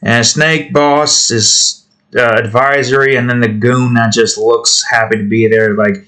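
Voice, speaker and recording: A man's voice: medium pitch, unhurried, fairly bright tone. A man hosting his own art channel, chatting casually while he draws, rambling and trailing off. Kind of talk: casual talk while drawing.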